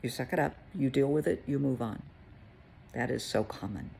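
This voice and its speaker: A woman therapist telling a client story in a casual, conversational way, with gentle emphasis. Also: very deep voice, normal speed, vocal fry, slight background noise.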